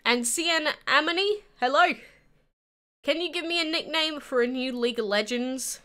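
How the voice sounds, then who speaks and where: A nineteen-year-old woman from England chats on a livestream, her high-pitched voice bright and forceful at a normal speed. She casually answers questions from viewers in the live chat.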